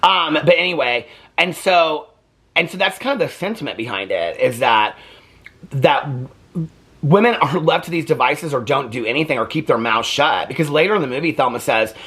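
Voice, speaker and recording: A man's voice: on the high side, expressive, normal speed, a bit bright, husky. A man in his fifties hosting a casual movie review vlog, talking in a chatty, rambling and heartfelt way. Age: 50s. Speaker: host.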